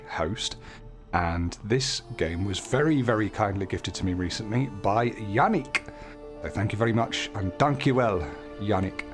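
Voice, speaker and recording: A man hosting a casual let's play, chatting along and reading on-screen text aloud with light jokes. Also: on the low side. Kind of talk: casual gameplay commentary. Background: game music.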